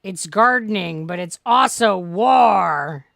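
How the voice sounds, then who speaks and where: A woman's voice: mid-range voice, lively intonation, slow, creaky, fairly bright tone, dry recording, studio quality. A woman streamer chatting through a farming game, rambling and joking with plenty of swearing. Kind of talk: casual gameplay commentary.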